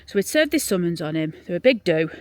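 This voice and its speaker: A woman's voice: on the low side, big pitch swings, fast talker, no room sound. Chatty Yorkshire woman in a graveyard. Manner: chatty and rambling, drops to a hushed whisper when showing graves. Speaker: vlogger and graveyard guide. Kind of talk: casual storytelling walk-through. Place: outdoors in a churchyard.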